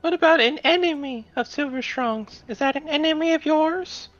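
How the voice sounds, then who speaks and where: High-voiced woman playing a tabletop game. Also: normal speed, dry recording, muffled recording, faint music behind. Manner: playful, bumbling.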